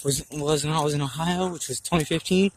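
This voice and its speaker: A man's voice: fairly high pitch, fairly even intonation, fairly quick, poor audio. A nineteen-year-old man talking in a casual vlog, rambling and frustrated, swearing a lot as he goes. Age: young adult. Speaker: vlogger.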